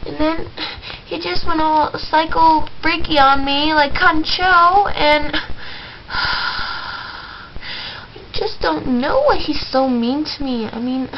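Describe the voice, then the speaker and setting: A woman's voice: high-pitched, slow pace, long pauses, highs cut off, a little hiss or hum. A woman playing a naive, chatty fourteen-year-old girl in a character vlog, rambling and giggly, full of "like".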